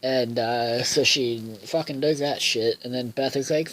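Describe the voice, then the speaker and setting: A man talks through a cartoon episode in a loose, unscripted recap. He rambles with constant fillers, swears casually, and often loses track and backtracks. His voice sits at an ordinary middle pitch. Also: steady tone, moderate pace, hardly any pauses, a bit bright, poor audio. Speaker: episode reviewer.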